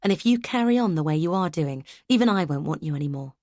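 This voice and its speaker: A woman's voice: low-pitched, moderate pace, creaky, husky, no echo, clean studio sound, heavily acted. A woman voicing a cruel, controlling husband who belittles his partner with contempt. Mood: scornful.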